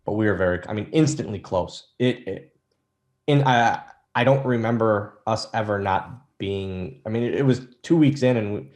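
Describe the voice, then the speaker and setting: A man in his thirties, a guest on an interview, telling stories casually and acting out the lines people said to him. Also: on the low side. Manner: animated storyteller, acts out quoted lines. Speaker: interview guest, former wrestler.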